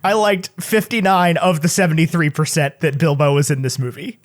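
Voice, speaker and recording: Male podcast co-host, jokey and teasing, higher-pitched voice. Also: fairly even intonation, fairly quick, dry recording, clean studio sound. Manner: joking, teasing. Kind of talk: casual chat.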